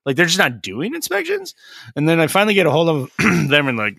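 A man's voice: on the high side, wildly swooping pitch, brisk, creaky, sharp tone, no room sound, clean studio sound. A middle-aged man on a podcast, a licensed tradesman who rants bluntly, swears freely and acts out the exchanges he describes. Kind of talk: casual podcast chat.

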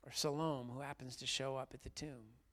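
A man preaching an Easter sermon, swinging between loud, fervent emphasis and quiet, hushed passages. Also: mid-range voice, fairly even intonation, brisk. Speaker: pastor.

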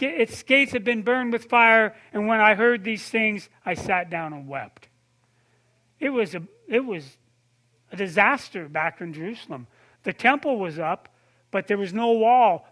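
A man delivers a sermon in a chatty, storytelling way, calling on listeners and asking them questions. His voice sits very high and sounds bright and forceful. At tender moments he drops to a soft, low tone. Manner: conversational preaching, addresses listeners by name, asks questions. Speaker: pastor.

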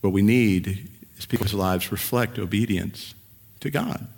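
A man's voice: fairly low pitch, a little slow, creaky, darkish tone, husky. A male pastor preaching a sermon, asking his congregation questions and telling stories in an earnest manner. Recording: echoey church hall.

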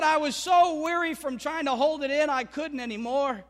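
A man's voice: very high voice, fairly even intonation, moderate pace, few pauses, a bit bright. A man preaching a sermon as pastor, building his points through emphatic repeated declarations.

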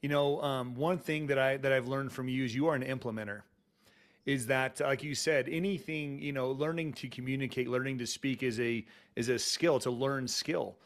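A man hosting a podcast interview, talking in a halting way with repeated words. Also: mid-range voice, fairly even intonation. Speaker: podcast host. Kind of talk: casual interview chat.

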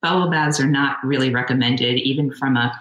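A woman with a notably low voice explains skin care like a specialist, in a plain, practical way. Her voice rings around a roomy, echoey space. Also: brisk, fairly bright tone, lo-fi sound. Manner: explanatory, practical advice-giving. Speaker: dermatologist guest. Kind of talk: expert interview answers.

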